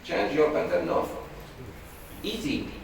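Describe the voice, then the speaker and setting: A man teaching a religious class in a conversational way, acting out voices while telling stories. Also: slow. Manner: conversational, acts out quoted voices in a story. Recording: echoey room from far off, noisy.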